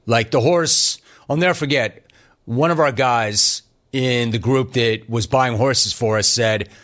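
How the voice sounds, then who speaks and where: A middle-aged man hosting a talk show, ranting emphatically in an animated monologue. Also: mid-range voice, measured pace. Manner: emphatic, riffs and rants, acts out quotes. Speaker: radio talk show host.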